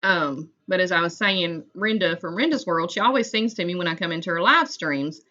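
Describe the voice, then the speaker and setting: A woman's voice: lowish voice, a little fast, sharp tone, dull audio. A woman, hosting a casual livestream chat and greeting viewers by name in a folksy way. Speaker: livestream host.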